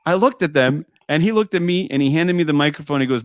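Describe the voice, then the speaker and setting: A man's voice: fairly high pitch, a little fast, smooth, dry recording, studio quality. A man telling a musician's road stories in a casual interview, often laughing and acting out the dialogue. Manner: animated anecdotes with frequent laughs and "I go". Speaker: guest musician.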